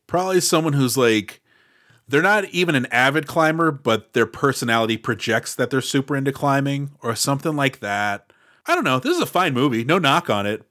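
A man co-hosts a podcast in a loose, wry chat, full of playful sarcasm. His voice is bright and sharp, at an ordinary pitch. He rambles a little as he works through his thoughts. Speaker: podcast co-host. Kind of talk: casual chat.

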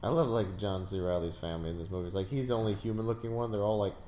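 A man's voice: on the low side, very fast. A man chatting casually and joking while watching a movie with a friend. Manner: joking, animated banter with laughter. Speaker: co-viewer reacting to a movie. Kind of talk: casual chat. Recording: roomy sound with faint background noise.

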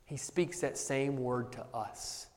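A man preaching a sermon as pastor, earnest and emphatic, with bursts of animated humor. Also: medium pitch, slow pace, long reverb tail.

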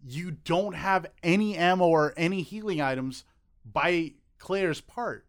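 Blunt, slightly high-voiced podcast man. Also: a little slow. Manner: blunt, crude, joking. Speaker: podcast co-host. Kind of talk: casual podcast debate.

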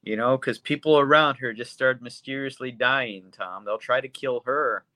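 Guy rambling about movies on a podcast, sharp bright voice, swears a lot, dead dry mic. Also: mid-range voice, normal speed, no room sound. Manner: blunt, profane and rambling. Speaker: podcast co-host. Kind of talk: casual chat reviewing movies.

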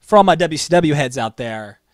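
A man's voice: fairly high pitch, animated, brisk, no room sound. A man co-hosting a casual wrestling chat, telling stories with enthusiasm as he counts down a list. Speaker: wrestling podcast co-host.

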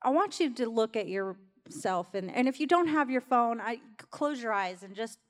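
A woman's voice: fairly high pitch, lively intonation, normal speed. A woman pastor preaching a sermon in a church, talking conversationally and urging the congregation along. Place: church sanctuary. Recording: long hall reverb in a church.

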